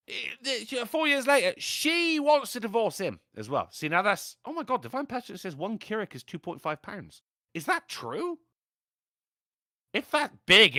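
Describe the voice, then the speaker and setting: A man hosts a casual, crude livestream chat, rambling through stories with animated jokes. His voice is bright and swings up and down a lot. The sound is dry and close. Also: high voice, normal speed, dry recording. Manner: rambling, animated, jokey storytelling. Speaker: livestream podcast host.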